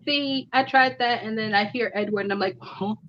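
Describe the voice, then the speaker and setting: A woman's voice: a little high, brisk. A young adult woman guest in a casual chat, playful and joking. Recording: dull lo-fi mic with faint noise.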